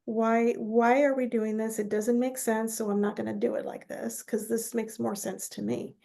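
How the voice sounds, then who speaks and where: A woman therapist speaking as a podcast guest, telling family stories in a lively conversational way and acting out relatives' words. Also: on the high side, moderate pace, gravelly. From United States. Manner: animated storyteller who acts out quoted relatives. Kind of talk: conversational interview storytelling.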